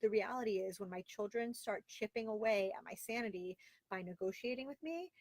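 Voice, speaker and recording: A woman in her thirties chats candidly on a live stream, exasperated and quick with a running string of "like." Her voice sits at an ordinary middle pitch. The sound is close and dry, with no room around it. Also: darkish tone, no echo. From Florida, via Long Island. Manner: candid, exasperated and chatty, with lots of "like". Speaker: host of a live video show. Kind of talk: casual live-stream chat reading viewer comments. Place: home closet.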